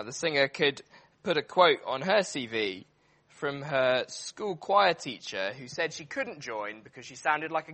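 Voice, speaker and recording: Animated man preaching a sermon. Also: fairly high pitch. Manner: animated, emphatic, with frequent fillers and restarts.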